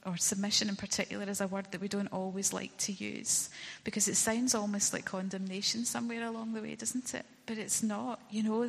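A woman preaches and then reads a folk tale to her congregation, earnest, sometimes sinking to a hush for emphasis. Her voice is mid-pitched and a little breathy. A long reverb from a big hall follows her words. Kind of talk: sermon with story reading.

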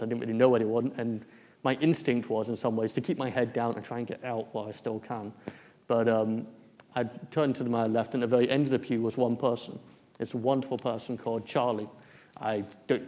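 A man's voice: medium pitch, warm tone. A man, preaching a testimony story in a church hall with many fillers and restarts. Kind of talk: sermon testimony.

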